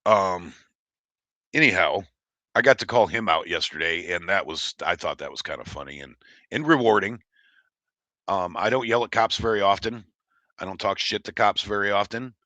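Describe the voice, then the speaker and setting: A man with a low voice and a bright, forceful edge hosts a livestream in casual chat. He rambles and answers his chat, speaking bluntly and swearing freely. His voice sounds close and dry. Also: moderate pace, pauses often, no echo, dull audio. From Oregon. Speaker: livestream host.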